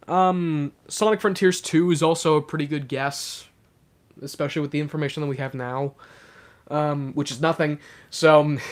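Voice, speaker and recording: A young man hosting a casual livestream, rambling with lots of fillers as he talks to his chat. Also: fairly high pitch. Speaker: livestream host.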